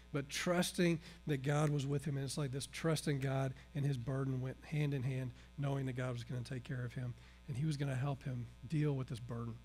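Man, sermon, slightly high voice, animated, loud then hushed. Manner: animated, swings from loud emphasis to hushed earnestness. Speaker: pastor.

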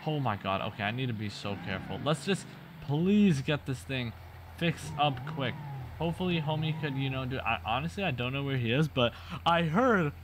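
A young man giving excitable gameplay commentary, full of exclamations and constant "bro". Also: mid-range voice, normal speed, background noise. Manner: hyped, says "bro" constantly, frequent exclamations. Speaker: gaming YouTuber. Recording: music playing underneath. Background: game sounds and music.

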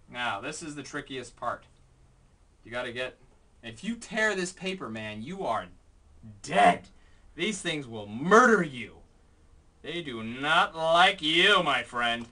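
A man chatting excitedly in a casual home vlog, sometimes hushed and whispering, sometimes jumpy and startled. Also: medium pitch, takes it slowly. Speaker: vlogger.

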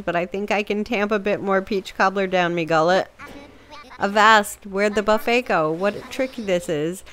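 A woman's voice: mid-range voice, fairly bright tone, natural voice. A woman voicing a sleepy, blustering male seagull pirate captain, reading game dialogue aloud with pirate talk and growled arrs.

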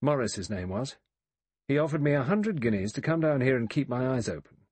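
A man's voice: mid-range voice, very animated, brisk, a little mellow, breathy edge, no echo, pitched above the performer's own voice. A man doing a wry, guarded adventurer. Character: cool, sardonic male adventurer.

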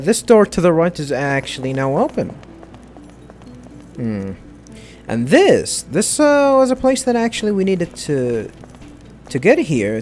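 A man's voice: on the high side, a little mellow. A man casually commenting on a game he plays, hesitant, with many fillers and restarts. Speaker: let's play host.

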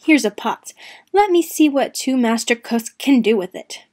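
A round, food-loving village man voiced by a woman eagerly offers his big pot in a storybook tale. His voice is eager and booming, pitched fairly high. The delivery is broad and friendly. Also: lively intonation, normal speed, a little mellow.

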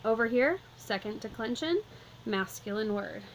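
Woman, fairly high voice, calm methodical teacher, faint hiss behind. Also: normal speed. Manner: calm, methodical, step-by-step explaining. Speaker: Latin teacher. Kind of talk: vocabulary lesson walkthrough.

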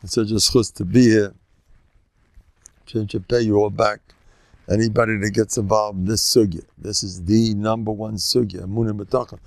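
A man's voice: fairly low pitch, flat delivery, normal speed, dry recording. An older man, a rabbi giving an informal Torah talk, folksy and joking, sprinkling Yiddish and Hebrew words and jumping between teaching and banter.

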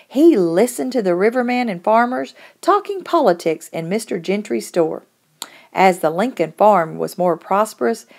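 Woman reading a kids' history storybook aloud, gentle and measured. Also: mid-range voice. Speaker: narrator. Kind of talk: storybook read-aloud narration.

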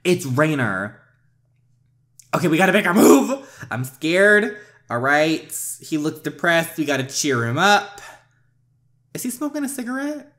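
A man's voice: fairly high pitch, big pitch swings, a little slow, long pauses, fairly bright tone. A man hosting a story game playthrough, chatting playfully with frequent laughs and asides as he reads along. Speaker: gaming channel host.

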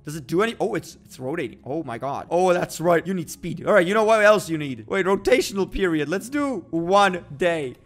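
A young man with a slightly higher voice gives excitable, joking let's-play commentary on a space sandbox game. He reacts out loud all the time, and faint music plays underneath. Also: fairly quick, few pauses. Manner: excitable, joking, exclaims often. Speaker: gaming YouTuber. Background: faint background music.

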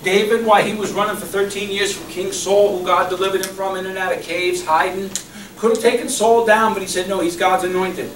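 A man preaching a sermon as a pastor, passionate, swinging between loud emphasis and hushed repetition. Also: sits high, fairly even intonation, fairly quick. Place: church hall. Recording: echoey room recorded from far off with background noise.

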